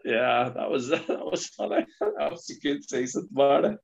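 Middle-aged Northern Irish ex-footballer, loose chatty anecdotes, muffled lo-fi audio. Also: male voice, mid-range voice, huge pitch swings, normal speed, creaky, husky. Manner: rambling anecdotes with frequent laughs and restarts. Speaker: former footballer guest. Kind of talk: casual storytelling chat. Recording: dull lo-fi sound.

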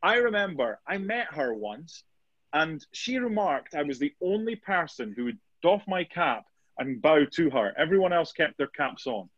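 A man doing a quoted sports star in a posh English accent, told as part of an anecdote. The voice is a touch high, and the recording sounds dull and dry. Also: sing-song, normal speed, a bit bright, no echo. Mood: reminiscing. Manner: put-on posh accent, plain storytelling. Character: grown man retelling a sports star's words.

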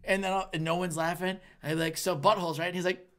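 A man's voice: high voice, little pitch movement, quick pace, fairly bright tone. A man, a stand-up comedian, telling profane stories in casual podcast chat and acting out the people in them. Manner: profane storytelling, acting out quotes. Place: Los Angeles comedy scene.

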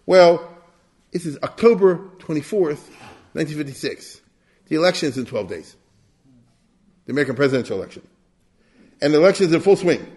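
Guy lecturing on history like telling a story, slightly high voice, keeps asking "you get it?". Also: animated, fairly quick, long pauses, darkish tone, slightly rough. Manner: storytelling, acts out quotes, asks the listeners "you get it?"; sprinkles Yiddish and Hebrew terms.

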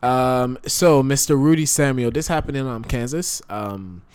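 A man co-hosting a podcast, chatting loosely and telling stories with lively asides. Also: mid-range voice, measured pace, smooth, no room sound. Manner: loose, animated storytelling with put-on voices. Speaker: podcast co-host. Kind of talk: casual chat.

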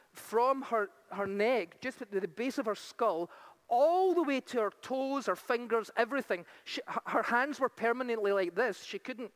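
A woman preaching a sermon, reading scripture slowly and with weight, then telling stories quickly and fervently. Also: medium pitch. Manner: fervent, rising to exclamations.

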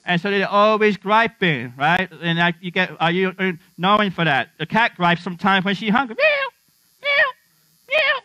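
A man's voice: high-pitched, normal speed, hardly any pauses, pushed and bright, dry recording. A middle-aged man preaching a sermon as pastor, humorous and conversational, often asking the congregation questions. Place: church. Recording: dull, slightly lo-fi dry sound with mains hum.

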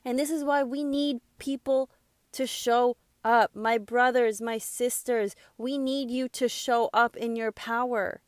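A woman's voice: fairly high pitch, steady tone, unhurried, dry recording, clean studio sound. A young adult woman delivering an impassioned motivational monologue as a self-help speaker, emphatic and preachy, swearing freely.

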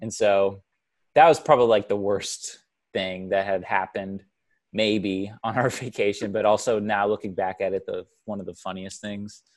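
Man, podcast co-host, lowish voice, animated storytelling, lots of fillers. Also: moderate pace. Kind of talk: casual chat.

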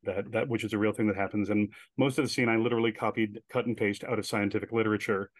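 A man guest telling stories in a casual interview, chatty and animated, with many filler words. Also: lowish voice, fast talker, dry recording. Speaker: guest, director and writer.

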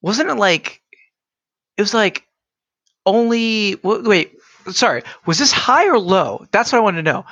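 Joking podcast cohost guy, gravelly voice, dry no-room sound. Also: high voice, lively intonation, measured pace, pauses often, sharp tone, no room sound. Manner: joking, self-deprecating. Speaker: podcast co-host. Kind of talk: casual podcast chat.

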